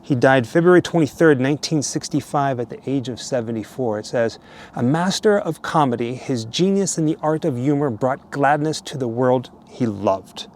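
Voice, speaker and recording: A man hosting a vlog, narrating casually at a cemetery in a relaxed, chatty way. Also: medium pitch, normal speed, slight background noise. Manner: relaxed, chatty, chuckling asides. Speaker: vlogger, host. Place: outdoor cemetery.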